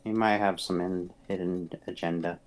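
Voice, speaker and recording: A man's voice: deep voice, steady tone, normal speed. A man playing a tabletop game, stating his character's actions in a blunt, terse way. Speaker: player.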